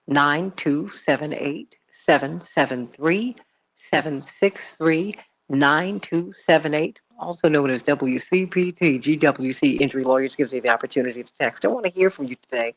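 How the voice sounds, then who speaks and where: A woman's voice: deep voice, creaky. A woman hosting a morning talk radio show from a studio, chatty and exclamatory, often repeating her words.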